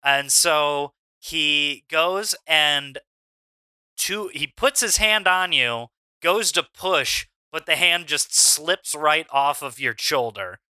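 A man narrating a tabletop wrestling game as game master, in an unhurried way with lots of ums and uhs. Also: on the high side, sharp tone, smooth, dry recording.

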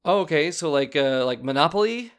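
A man's voice: fairly high pitch, animated, brisk, clean tone. A man hosting an improvised comedy podcast as an advice doctor, flustered, theatrical and full of stammers.

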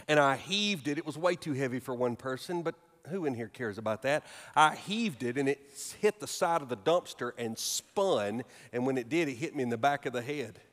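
A middle-aged man preaching a sermon as pastor, telling humorous stories with animated delivery in a church sanctuary. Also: medium pitch. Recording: long reverb of a large hall.

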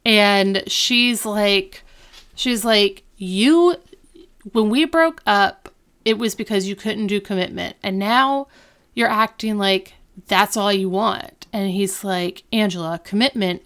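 Her voice sits at a medium pitch, smooth and slow-paced. As a podcast co-host, she chats casually through a TV episode recap, bringing it to life by voicing the characters' dialogue.

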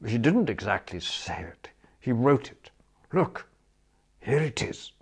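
A man voicing a large, cowed bully in an audiobook reading, hushed and sulky, at times half-whispered. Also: mid-range voice, expressive, slow pace, creaky, slightly rough, full character voice.

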